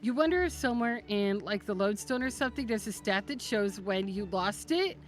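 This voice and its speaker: A woman's voice: mid-range voice, expressive, brisk. A woman streaming a game live, chatting playfully with her viewers, giggling and stumbling over her words as she talks to them by name.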